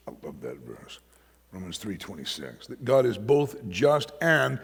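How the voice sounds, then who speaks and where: A middle-aged man preaching a sermon as a pastor, telling a story that swings from hushed asides to loud emphasis. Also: fairly low pitch, sing-song, measured pace, gravelly, husky. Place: church sanctuary. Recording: long hall reverb.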